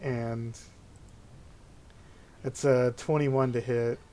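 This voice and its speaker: A man with a mid-range voice runs a tabletop game. He explains rules and narrates enemy actions in a relaxed, conversational way. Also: medium pitch, very slow, a little hiss or hum. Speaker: game master.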